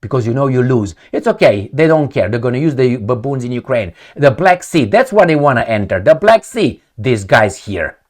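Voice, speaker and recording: A man's voice: mid-range voice, expressive, a little fast, hardly any pauses. A man gives solo commentary on news articles, reading them aloud and ranting sarcastically with profanity while talking straight to his viewers. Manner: profane, addresses viewers directly. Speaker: political commentator.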